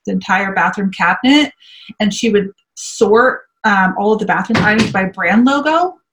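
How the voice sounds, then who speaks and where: A woman's voice: mid-range voice, expressive, normal speed, a bit bright. A woman in her thirties hosts a casual podcast conversation. She talks in a loose, rambling way, full of fillers, and laughs easily. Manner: chatty, laughs often, many fillers. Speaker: podcast host.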